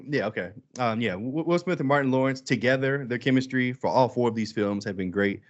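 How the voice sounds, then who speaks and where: A man co-hosting a podcast in casual chat, animated and quick to act out quoted lines. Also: medium pitch, dull audio. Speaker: podcast co-host.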